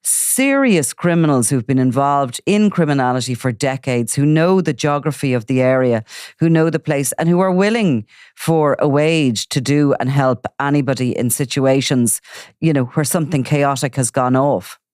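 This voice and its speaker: Clear-voiced woman hosting a crime podcast. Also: very deep voice, darkish tone, dry recording, studio quality. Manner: measured, detailed recounting of cases. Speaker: podcast host.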